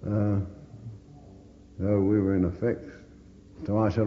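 A man's voice: lowish voice, level tone, slow pace, a little hiss or hum. An older man recounting his wartime experiences in an oral history interview, blunt and swearing constantly as he tells the story. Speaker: veteran interviewee. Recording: dull echoey recording in reverberant room.

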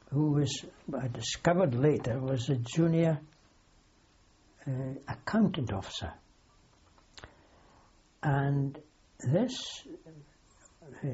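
A man's voice: a little high, dark tone, breathy edge, lo-fi sound. An older man, a wartime aircrew veteran, telling a long anecdote in an oral history interview. He rambles, corrects himself as he goes and keeps a dry humour.

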